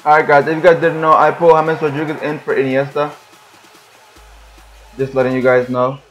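A young man with a fairly high voice gives live commentary on a football video game. He is excitable, shouting at the match and griping often. Soft game music plays underneath. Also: brisk. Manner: excitable, yells and groans at the game, complains often. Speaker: gaming channel host.

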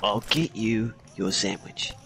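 A man putting on a raspy, strained voice with a foreign accent as a patient assistant calming his boss. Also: mid-range voice, brisk, faint music behind. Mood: placating. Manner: soothing, bargaining, repeats himself. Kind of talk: impression during a game stream.

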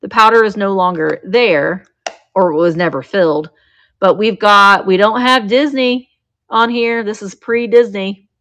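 A woman's voice: medium pitch, unhurried, a bit bright. A woman chatting as she runs a live sale of vintage items, describing each piece as she shows it. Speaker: live auction seller.

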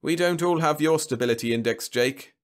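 A man voicing a smooth, contemptuous male executive rival who speaks politely with a sneer underneath. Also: mid-range voice, lively intonation, normal speed, close to an everyday voice. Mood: smooth contempt.

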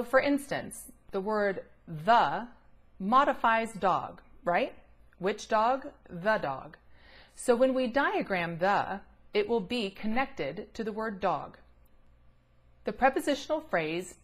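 A middle-aged woman gives a recorded grammar lesson, with a voice in a middle pitch range. She explains each step patiently and clearly, slowing to draw out the words she wants to stress. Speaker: grammar teacher.

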